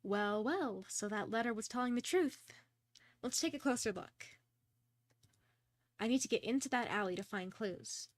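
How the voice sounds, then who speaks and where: A woman's voice: fairly high pitch, normal speed, pauses often, dry recording. A young woman streaming a detective game, chatting casually, second-guessing herself aloud, and reading the dialogue. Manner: chatty, self-deprecating, talks through her choices.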